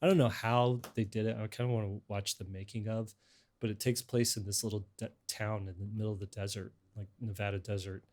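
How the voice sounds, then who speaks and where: Middle-aged guy host, kinda low voice, rambles and restarts a lot. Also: flat delivery, brisk, darkish tone. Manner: rambling, hesitant, with many restarts. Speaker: podcast host. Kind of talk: casual chat.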